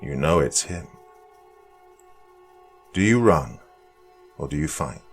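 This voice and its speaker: Male horror narrator, very low voice, slow hushed dramatic read, faint music underneath. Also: lively intonation, husky.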